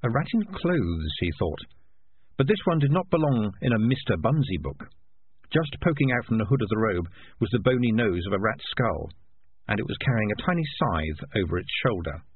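Male audiobook narrator, measured expressive reading, husky voice, phone-like lo-fi sound. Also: fairly low pitch, no room sound. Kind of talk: scripted narration.

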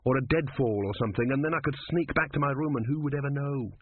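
A man's voice: mid-range voice, fast, slight background noise, voice pushed up, close to an everyday voice. A man voicing a timid young male novice monk who speaks hesitantly and deferentially, recorded with a dry, phone-like sound. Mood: anxious.

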